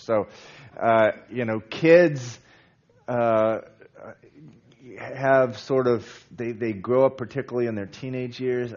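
A man's voice: lowish voice, slow pace, darkish tone, muffled recording. A man preaching a sermon in a conversational way, with many fillers and restarts, growing emphatic as he goes. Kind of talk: sermon on a Bible passage.

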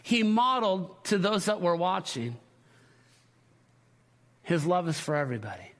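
A man, a pastor, preaching a sermon in a church, animated and joking with the congregation, repeating words when worked up. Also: high-pitched, a little slow. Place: church sanctuary.

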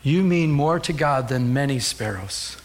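A man's voice: mid-range voice, lively intonation, measured pace. A middle-aged man preaching a sermon as pastor, telling a personal story and rising to fervent calls to the congregation.

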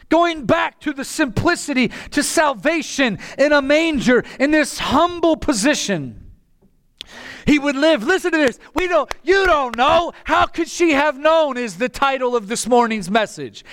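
A man preaching a sermon with passion, often rising to a shout. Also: extremely high pitch, no echo. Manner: impassioned, bursts into shouting.

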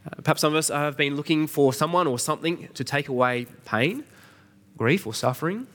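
A man's voice: fairly high pitch, lively intonation, a little fast, a bit bright. A middle-aged man preaching an Easter sermon in a conversational way, asking the congregation questions. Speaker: pastor.

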